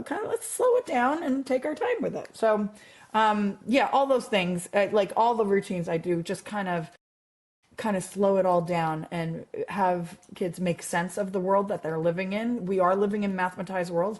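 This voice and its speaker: Chatty woman teacher, animated talk. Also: medium pitch. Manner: chatty and animated, many fillers and restarts. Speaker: math teacher and guest. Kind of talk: casual interview chat.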